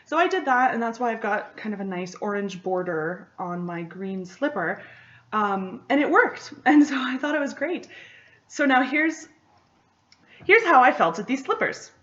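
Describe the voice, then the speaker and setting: A young woman hosting a knitting podcast in casual chat, excitable and rambling, often laughing between thoughts. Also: a little high, normal speed, lo-fi sound.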